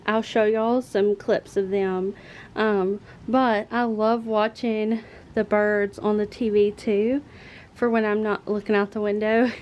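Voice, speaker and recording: A woman chatting casually to her viewers from inside her home, relaxed, with ums and light laughs. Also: medium pitch, takes it slowly. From North Carolina, US. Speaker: homemaking vlogger.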